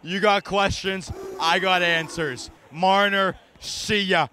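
A man in a comedic hockey fan rant, swearing and breaking into shouted outbursts, playing it heartbroken. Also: high voice, steady tone, slow, a little hiss or hum. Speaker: ranting hockey fan host. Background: music.

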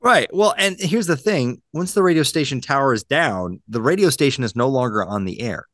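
A man hosting a podcast, reading news items and telling stories in a casual, animated way with frequent laughter. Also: mid-range voice, moderate pace, dry recording, studio quality. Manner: animated storyteller, laughs often. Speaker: podcast host.

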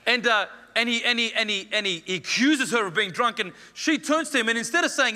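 A man's voice: very high voice, a little fast, hardly any pauses, bright, forceful tone. A man preaching a sermon as pastor, emphatic, repeating phrases and acting out the lines he quotes. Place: church hall. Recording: long reverb of a church hall.

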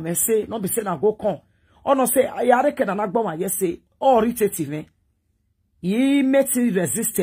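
A woman's voice: medium pitch, dark tone, slightly rough. A Nigerian woman from Edo State giving a rambling, pleading live-stream monologue, talking straight to her viewers.

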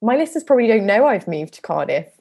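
A woman's voice: medium pitch, very animated, quick pace, vocal fry, a little mellow, breathy edge. A woman from Cornwall hosting a podcast, friendly and teasing, laughing easily in casual conversation. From Cornwall, England. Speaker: podcast host. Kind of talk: casual interview chat.

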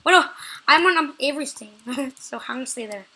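On her gaming channel, a woman gives live commentary at a fairly quick pace in a high, bright voice. She gets excited, repeats the same short phrases several times, and yells whenever she catches something.

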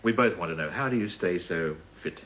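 A man's voice: low-pitched, animated, brisk, a bit bright. A man hosting a talk show, questioning his guests in dry, teasing banter. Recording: noisy broadcast recording.

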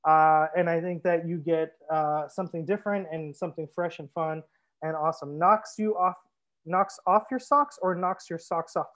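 Hosting a live wine tasting, this young sommelier talks to his audience in a relaxed, upbeat, chatty way. His voice is on the high side and fairly bright, with fairly even intonation at a normal speed.

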